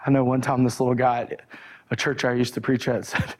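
A man's voice: medium pitch, a little fast. A man preaching a sermon, fervent at times and conversational at others. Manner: shouting and fervent, then calmer and conversational.

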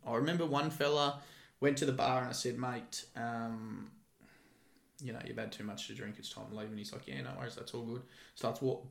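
Gravelly swearing storyteller man. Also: medium pitch, brisk, echoey room. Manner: swears freely, animated storyteller. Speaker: guest, former security guard. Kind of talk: casual podcast chat.

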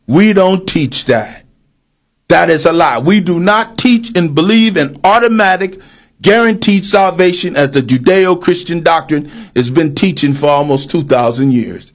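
High-voiced preacher with emphatic delivery. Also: male voice, lively intonation, a little slow. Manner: emphatic, rising to shouts on key points; reads scripture aloud, then explains it. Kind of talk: sermon.

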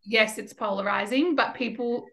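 A woman hosts a podcast in a relaxed, casual way. She affirms her guest and swears casually. Her voice sits a little high. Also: normal speed. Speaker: podcast host.

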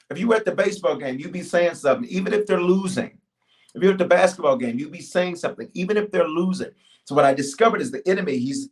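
A middle-aged man preaching and praying on a livestream, calling out to his audience with bursts of shouting and quiet asides. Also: mid-range voice. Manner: energetic, call-and-response, shifts from shouting to quiet. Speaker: pastor. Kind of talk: livestreamed sermon and prayer.

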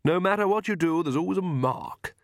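A man voicing a polite, dandyish young male vampire who speaks smoothly with light mockery, in a read-aloud fantasy story. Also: high-pitched, lively intonation, fairly quick, no room sound, clean studio sound, pitched above the performer's own voice. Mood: mocking, fussy.

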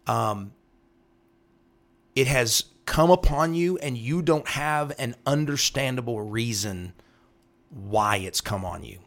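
A man's voice: mid-range voice, slow, pauses often, a bit bright. A man speaking as a pastor, teaching from the Bible in an earnest way, repeating phrases and checking in with "right?". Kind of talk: devotional Bible teaching talk.

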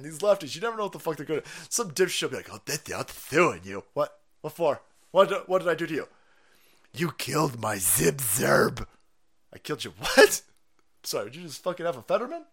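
Male livestream host, crude mocking rants, a touch high-pitched. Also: a bit bright. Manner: crude, mocking, laughs often. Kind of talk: profane political rant stream.

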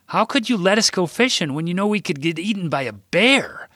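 A man voicing a frightened young boy who pleads in a high voice in a storybook reading. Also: lively intonation, a little fast, pushed and bright, dry recording, studio quality, heavily acted. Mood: scared.

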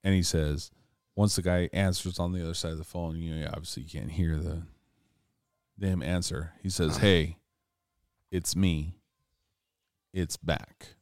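A man's voice: low voice, steady tone, moderate pace, darkish tone, no echo, clean studio sound. Profane rambling man telling a campfire tale. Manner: profane, rambling, laughing between lines. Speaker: storyteller. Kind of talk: casual drunk storytelling.

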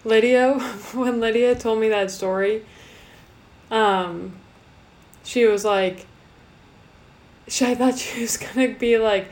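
Chatty young woman podcast co-host. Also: mid-range voice. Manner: chatty, laughs often, swears casually. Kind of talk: casual chat.

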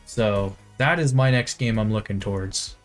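A man's voice: lowish voice, moderate pace, soft background music. A man co-hosting a casual gaming podcast, chiming in with an easygoing manner. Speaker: podcast co-host.

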